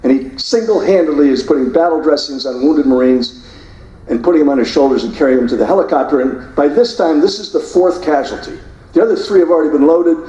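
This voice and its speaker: An older man giving a forceful speech, narrating combat footage and mimicking the people he quotes. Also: on the high side, fast talker, muffled recording. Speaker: guest speaker. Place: hotel banquet hall. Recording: echoey hall, voice from far off.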